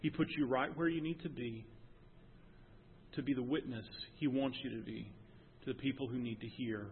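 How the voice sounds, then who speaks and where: Guy preaching a sermon, gets loud then goes quiet, sounds thin like over a phone, big echoey church. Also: mid-range voice, steady tone, normal speed, a little hiss or hum. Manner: emphatic preaching, rising to near shouts and dropping to hushed tones. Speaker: pastor. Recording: phone-like sound with long hall reverb.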